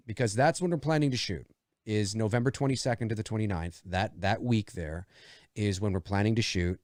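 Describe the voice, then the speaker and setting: A man's voice: on the low side, darkish tone, no room sound, clean studio sound. A man co-hosting a casual podcast chat, rambling and swearing freely. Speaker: podcast co-host.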